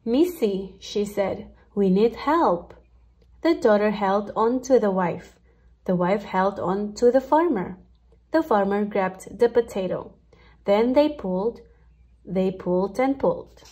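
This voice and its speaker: A woman reading a children's picture book aloud in a slow, clear storytelling voice. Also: mid-range voice, mellow.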